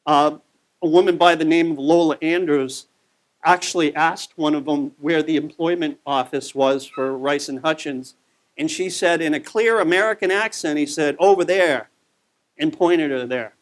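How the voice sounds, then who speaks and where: A man's voice: a little high, normal speed. A man giving a conversational local history talk over a slide show, telling the story with plenty of fillers.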